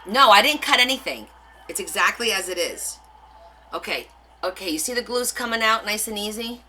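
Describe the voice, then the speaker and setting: Bright, chatty woman hosting a craft stream. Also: medium pitch, animated, normal speed, slight background noise, low-quality recording. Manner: chatty, giggly, reads and answers viewer comments. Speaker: craft livestream host. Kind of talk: casual live demo chat with viewers.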